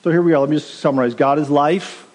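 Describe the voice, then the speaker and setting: A man's voice: a little high, fast, a little mellow. Guy preaching a sermon, straight-talking and earnest, big reverb of a hall. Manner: earnest, direct exhortation with quoted asides. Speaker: pastor. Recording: long reverb of a large hall.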